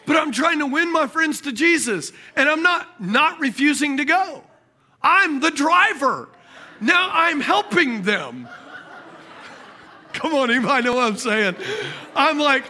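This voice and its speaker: A man's voice: very high-pitched, measured pace, pauses often. A man preaching a sermon, telling a funny story and calling out to the congregation. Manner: animated, jokey, calls out to the congregation.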